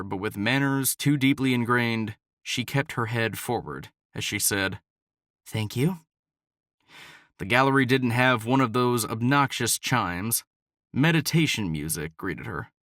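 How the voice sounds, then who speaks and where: A man reading a romance novel aloud as audiobook narrator, in an even storytelling delivery. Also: on the low side, dry recording, clean studio sound. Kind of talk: scripted narration.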